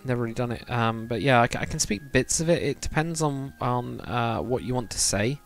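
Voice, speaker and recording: Gravelly young Englishman streaming, rambling. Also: medium pitch, a little fast, soft background music. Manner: rambling, chatty, reads viewer comments aloud. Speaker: live streamer. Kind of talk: casual chat while building in a game.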